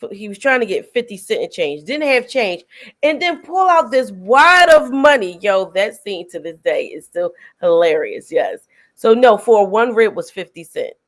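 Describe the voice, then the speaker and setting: Animated middle-aged woman chatting about films. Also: medium pitch, moderate pace. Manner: animated, laughs often while retelling scenes. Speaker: host. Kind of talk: casual film review chat.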